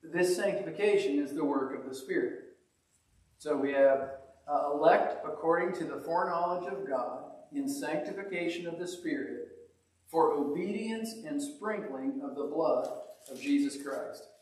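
A man with a slightly high voice preaches in a loose, storytelling way and pokes fun at himself as he goes. He sounds as if he is standing well back from the mic. The room gives off a heavy, hollow echo. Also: moderate pace. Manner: folksy, self-deprecating, animated storyteller. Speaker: pastor. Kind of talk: conversational sermon with storytelling. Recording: echoey church hall, mic at a distance.

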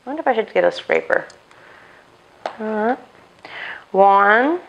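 A woman hosts a home cooking video on a lapel mic clipped to her chest, speaking in a creaky, medium-pitched voice with lively intonation and an unhurried pace. The sound is lo-fi with slight background noise, and she rambles and talks to herself as she cooks.

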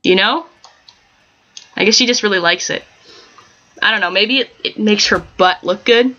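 A woman's voice: mid-range voice, normal speed, pushed and bright. A woman casually commenting while playing a life-sim game, giggling often and rambling in chatty asides. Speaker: gaming channel host. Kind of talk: casual let's-play commentary. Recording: dull lo-fi home mic.

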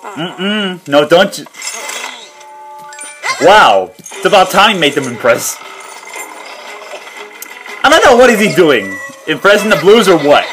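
This reaction video host has a very animated, fairly bright voice that sits high, and he takes his time with long pauses. Commenting casually on a cartoon, he laughs a lot and keeps exclaiming "wow," over background music in a low-quality recording.

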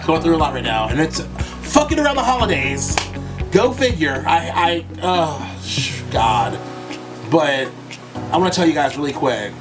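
In a casual reaction vlog, a young YouTube music reactor talks straight to his viewers, emotional, swearing freely and crying at times. His medium-pitched voice comes through a distant mic on a rough recording.

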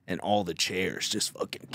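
A man's voice: on the low side, fairly bright tone, a little hiss or hum. A young man hosting a podcast, telling a rambling, profane story in casual chat. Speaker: podcast host.

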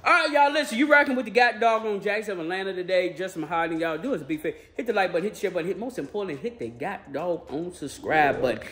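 Lively high-voiced man. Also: very fast, few pauses. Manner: lively, playful and chatty, talking straight to viewers. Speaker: family vlog host. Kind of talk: casual vlog chat.

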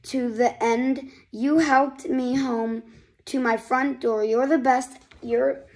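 An excited young boy, eager and lively, lost far from home, as a woman reads him from a picture book. The voice is high and bright in spirit, and it moves slowly and clearly. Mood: reassuring. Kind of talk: reading a picture book aloud.

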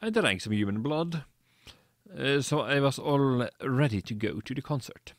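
A man doing a comedic reading of fan fiction, deadpan and dry with sarcastic asides. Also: medium pitch, moderate pace, no echo. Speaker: reader.

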